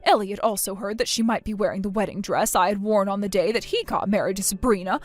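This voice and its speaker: A woman's voice: mid-range voice, fast talker, faint music behind, pitched below the performer's own voice, close to an everyday voice. A woman voicing a stern middle-aged mother in a text-message story, scolding her daughter harshly. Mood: explaining.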